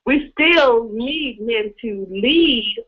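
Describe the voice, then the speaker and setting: A woman speaking as a guest on a talk radio show, explaining her views in a measured way. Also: fairly high pitch, animated, lo-fi sound.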